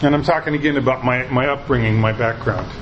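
A man's voice: medium pitch, fast, lo-fi sound, noisy background. A male pastor preaching a conversational sermon, often restarting his sentences as he explains a passage.

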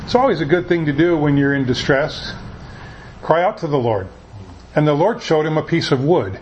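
A man giving a conversational sermon, talking in a folksy, halting way with frequent restarts. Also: mid-range voice, darkish tone, rough recording. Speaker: preacher.

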